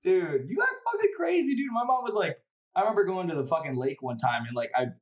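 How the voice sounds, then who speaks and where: A fairly high-voiced man talks in quick, lively bursts, swearing and laughing as he tells stories in a casual chat. The sound is a little dull and lo-fi. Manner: animated storyteller who swears a lot and laughs often.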